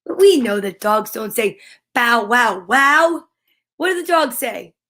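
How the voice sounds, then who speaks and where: A woman's voice: a little high, big pitch swings, moderate pace. A woman hosting a children's story time, reading picture books aloud with playful, chatty asides and animal sound imitations.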